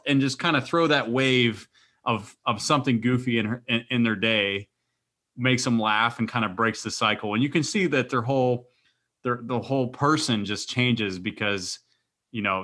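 A man co-hosting a podcast, telling stories in a rambling, energetic casual chat. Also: mid-range voice. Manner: rambling, energetic, animated storytelling. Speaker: podcast co-host.

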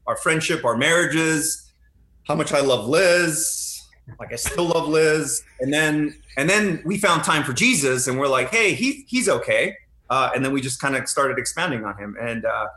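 A man in his thirties tells lively, animated stories and slips into the voices of the people he quotes. His voice sits a little high and has a bright, forceful edge, and it bounces around a noticeably echoey room. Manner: animated storyteller who acts out quoted lines. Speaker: podcast guest, retired Army helicopter pilot. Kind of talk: casual storytelling chat.

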